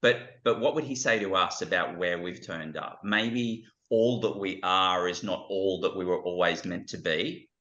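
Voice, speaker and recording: A man's voice: low-pitched, normal speed, hardly any pauses, fairly bright tone. A man speaking as an interview guest, talking earnestly and reflectively with many restarts, recorded with a dull, roomy sound. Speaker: guest, ministry founder.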